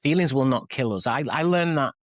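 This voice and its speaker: Man, 40s, Mancunian accent, interview guest, candid, self-deprecating, rambling, mid pitch, dry sound. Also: a little fast, no echo. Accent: Mancunian English. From England. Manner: rambling, self-deprecating, with frequent restarts and acted-out quotes. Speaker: guest, pop singer and author.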